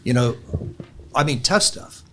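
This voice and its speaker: A man's voice: medium pitch, animated, unhurried, fairly bright tone, slight background noise. A man, older in years, earnestly sharing a personal faith story in casual chat, with frequent restarts. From California.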